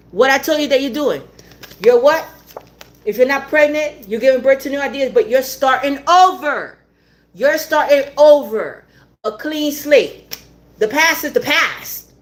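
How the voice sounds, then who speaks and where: A woman with a high voice gives a blunt tarot reading, repeating herself, swearing now and then, and laughing often. There's slight background noise.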